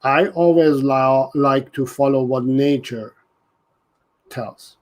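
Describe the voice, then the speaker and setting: A man's voice: mid-range voice, fairly even intonation, takes it slowly. A man hosting a live dog-training Q&A, talking earnestly and often restarting his sentences. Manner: earnest, repeats and restarts, reads out viewer comments. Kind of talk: casual live-stream Q&A.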